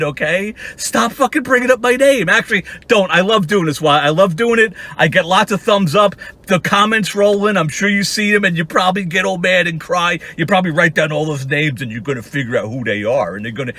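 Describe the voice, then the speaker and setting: A man's voice: high voice, brisk, hardly any pauses, bright, forceful tone. A man ranting in a mocking, profane commentary with lots of restarts. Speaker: YouTube commentator.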